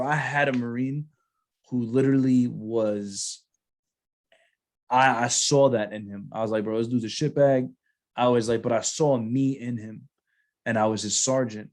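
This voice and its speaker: Young guy hosting a podcast, mid voice, laid back, says bro constantly, tells war buddy stories. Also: medium pitch. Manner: casual, says bro a lot, animated storytelling. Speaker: podcast host, former Marine sergeant. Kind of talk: casual podcast chat, storytelling.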